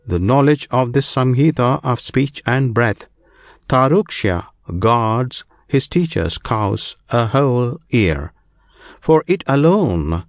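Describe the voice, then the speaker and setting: A man reads ancient scripture in a slow, deliberate, solemn cadence. His pitch rises and falls expressively across each phrase, and the recording is dry and close with no room sound. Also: no room sound. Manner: slow, measured, solemn reading. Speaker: narrator.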